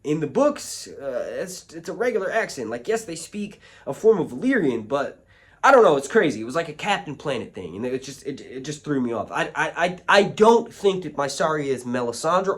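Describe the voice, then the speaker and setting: A man talks straight to his viewers in a loose, rambling review, often doubling back and restarting his sentences. His voice sits a little high and swings up and down with lively energy. He sounds like a regular host chatting from home. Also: fairly quick. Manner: rambling, restarts and tangents, animated. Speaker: video reviewer. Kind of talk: casual commentary to camera.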